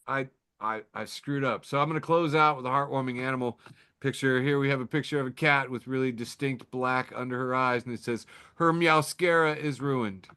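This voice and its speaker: A man hosting a casual podcast over a call, reading memes aloud, laughing often and swearing, quick to poke fun at himself. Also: medium pitch, pushed and bright, smooth. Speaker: podcast host. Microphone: remote call mic.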